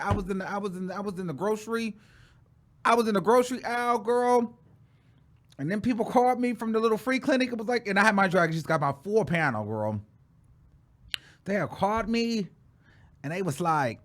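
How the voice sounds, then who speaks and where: A man hosting his own show, telling a story in a sassy, dramatic way and calling his listeners "girl", with sudden loud exclamations. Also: sits high, fairly quick. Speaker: show host. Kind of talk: casual storytelling chat.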